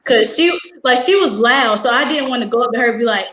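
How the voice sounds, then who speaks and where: Teen girl telling a story, animated. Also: fairly high pitch, fairly quick, hardly any pauses, reverberant, a little hiss or hum, rough recording. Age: teens. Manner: animated, acts out quoted dialogue, many "like" fillers. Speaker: high school student guest. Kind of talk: casual storytelling.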